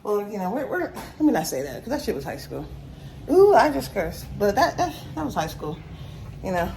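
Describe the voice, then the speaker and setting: Speaking at normal speed, a young woman talks to camera as she moves around her home, joking and laughing at herself. When she teases, her animated voice climbs high. The low-quality recording has slight background noise.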